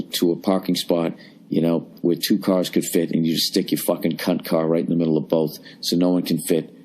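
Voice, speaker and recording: A man's voice: fairly low pitch, a little mellow. A man in his forties ranting and grumbling through a profane solo comedy podcast from a hotel room. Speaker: podcast host.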